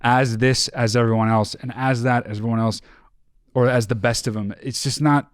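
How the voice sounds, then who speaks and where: A man's voice: mid-range voice, fairly even intonation, normal speed, dry recording. Swearing emphatic man, dry sound. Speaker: podcast co-host giving advice. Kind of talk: casual comedic chat.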